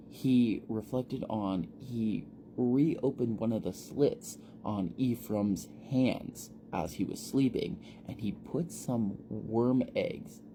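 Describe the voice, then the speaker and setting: A man casually recapping a story in a relaxed, conversational way. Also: lowish voice, a little hiss or hum.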